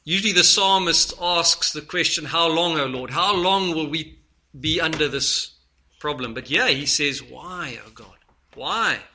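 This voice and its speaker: A man preaching a sermon, earnest, moving between loud stresses and hushed lines. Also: fairly high pitch, moderate pace, a little hiss or hum.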